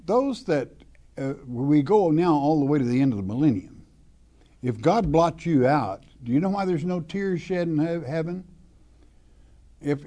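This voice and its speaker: A man preaching a sermon verse by verse, reading scripture slowly with emphasis and then explaining it in a folksy way, often asking the listener questions. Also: a little high, warm tone.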